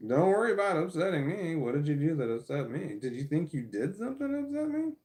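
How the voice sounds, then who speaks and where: A man's voice: fairly high pitch, big pitch swings, quick pace, darkish tone. A man who stammers, chatting candidly on a live stream and reading viewer comments aloud, blunt and earnest, swearing casually. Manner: stammers, with frequent repeated words and restarts.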